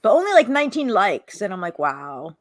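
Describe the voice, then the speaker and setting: A woman co-hosting a casual book club chat, giggly and animated, acting out her reactions. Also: a little high, fast. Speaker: co-host.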